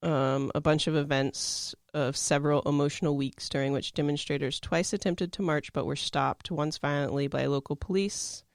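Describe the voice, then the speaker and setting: Creaky-voiced young man reading facts. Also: fairly high pitch, no room sound, clean studio sound. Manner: reads facts aloud with fillers and restarts. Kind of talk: casual chat.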